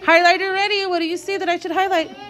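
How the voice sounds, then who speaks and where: A woman teacher leading a guided reading lesson for young children, sounding out words slowly and encouraging her class. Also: extremely high pitch, little pitch movement, a bit bright.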